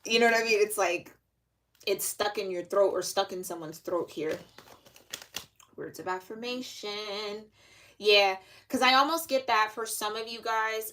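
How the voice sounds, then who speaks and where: A tarot reader with a mid-range, slightly bright voice talks her way through a casual reading. The young woman rambles conversationally, leaning heavily on filler words.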